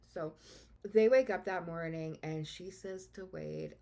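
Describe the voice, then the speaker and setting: Woman podcast host, lowish voice, casual true-crime storyteller, blunt and profane. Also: moderate pace, creaky, warm tone. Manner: blunt, swears freely, gets openly indignant.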